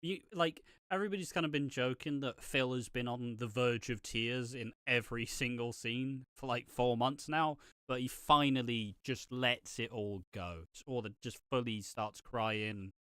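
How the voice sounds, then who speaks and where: Brief: young male co-host, smooth and clear, opinionated chat, dry close sound. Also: medium pitch, moderate pace, hardly any pauses, no echo. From United Kingdom. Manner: animated and opinionated, laughs between points. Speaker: soap opera reaction co-host. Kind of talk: casual chat.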